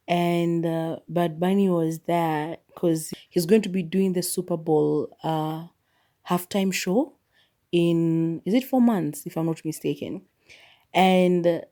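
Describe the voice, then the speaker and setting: A woman talks through her own podcast in a loose, rambling chat, often breaking into laughter. Her voice sits a little low for a woman and has a dark, mellow tone. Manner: chatty, rambling, laughs often, many fillers. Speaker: podcast host. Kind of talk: casual solo podcast musing.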